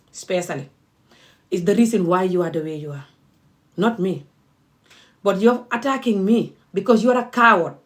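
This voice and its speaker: A woman, speaking as an activist vlogger in an impassioned, emphatic and repetitive monologue. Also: medium pitch.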